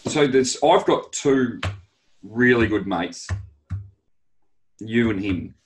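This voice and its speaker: A man's voice: medium pitch, animated, slow pace, slight background noise. An Australian man co-hosting a casual podcast, teasing and laughing as he tells stories. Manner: laughs a lot, teasing storyteller. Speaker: podcast co-host. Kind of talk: casual chat.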